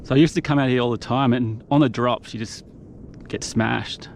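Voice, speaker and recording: Medium in pitch and normal in speed, the voice belongs to a young man excitedly commentating live on his kayak fishing trip. He's exuberant, whooping and out of breath, recorded outdoors on an action camera with slight background noise.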